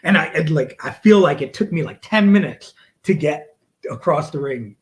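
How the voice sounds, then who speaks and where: A man's voice: a little high, animated, normal speed. A man who wrestles, telling a story to a podcast host in a casual, profane way. He acts out the quotes and sometimes drops to a whisper.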